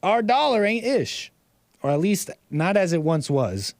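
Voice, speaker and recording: A man's voice: high-pitched, very animated, measured pace, darkish tone, no echo. A man hosting a casual livestream, reading viewer messages and rambling sarcastically with frequent restarts. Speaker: livestream host.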